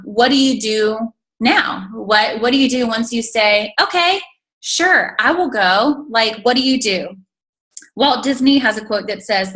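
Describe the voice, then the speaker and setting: A woman giving an energetic, faith-based motivational talk to her sales team over a video call, with lots of fillers. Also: mid-range voice, rough recording. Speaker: network marketing team leader.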